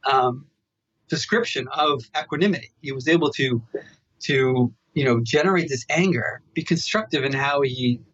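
A man telling a story as a meditation researcher guest in a podcast interview. He talks in an animated way and keeps tagging his asides with "right?". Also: fairly high pitch, breathy edge, no echo, highs cut off.

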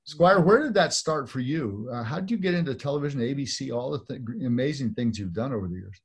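A man hosting an interview, asking questions in a halting, enthusiastic way with many restarts. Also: mid-range voice, lively intonation, husky. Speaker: host.

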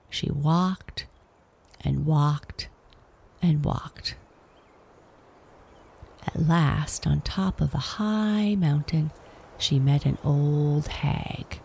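A woman gently narrating a fairy tale as a storybook reader. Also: low voice, very slow, vocal fry, long pauses, breathy edge.

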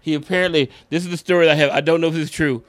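Racing along in a voice on the high side, a middle-aged stand-up comedian recounts a wild story in relaxed chat. He's animated and profane, laughing as he talks. The recording has no room sound.

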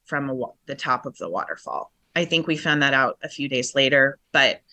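A middle-aged woman, shaken, telling a painful personal story in a halting way with many restarts. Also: rumbling low, expressive, pushed and bright. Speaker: guest.

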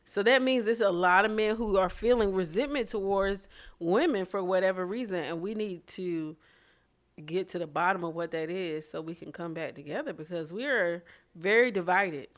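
A woman's voice: fairly low pitch, moderate pace. A woman co-hosting a casual chat, blunt and profane, who laughs often. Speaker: podcast co-host.

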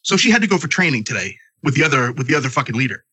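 Husky, animated podcast host. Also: male voice, medium pitch, racing, no echo. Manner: profane, rambling comic storytelling. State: congested. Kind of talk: casual podcast chat.

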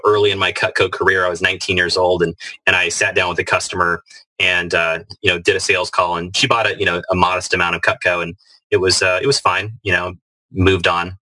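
A man's voice: low-pitched, level tone, brisk, sharp tone, no room sound, low-quality recording. A man telling a personal story as a podcast guest, earnest and full of fillers and restarts. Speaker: guest, author.

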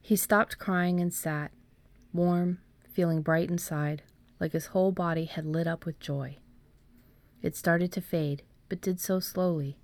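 A woman, an author, reading her own story aloud in a measured way and then chatting about it with hesitant fillers. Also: fairly low pitch, steady tone, a little mellow, no echo. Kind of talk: storybook narration, then casual chat.

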